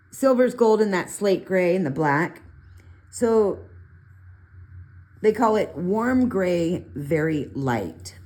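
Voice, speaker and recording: A middle-aged woman casually talking through a colored pencil demo, chatty and rambling with animated asides. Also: lowish voice. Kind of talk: casual art tutorial talk.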